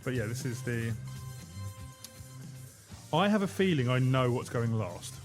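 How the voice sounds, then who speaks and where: A man's voice: medium pitch, lively intonation, measured pace, over music. A British man co-hosting a radio show, chatting casually and stumbling over words now and then. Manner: hesitant, chatty, self-correcting. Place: radio studio.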